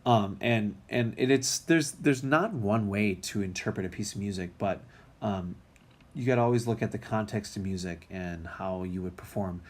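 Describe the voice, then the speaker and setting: Casual low-voiced male music teacher. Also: normal speed. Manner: casual, many ums and restarts. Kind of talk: recorded lecture walkthrough.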